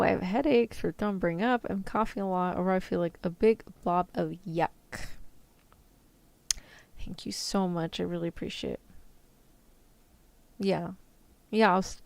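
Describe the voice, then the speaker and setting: A woman voicing a sick young human woman talking softly to her vampire boyfriend, in a whispered role-play. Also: lowish voice, creaky, dry recording. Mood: apologetic. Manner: soft, apologetic, affectionate. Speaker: vtuber.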